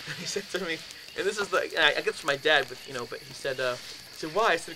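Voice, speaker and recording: A man telling a ghost story to a group in a house, animated and acting out voices and sound effects. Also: a little high, brisk, background noise.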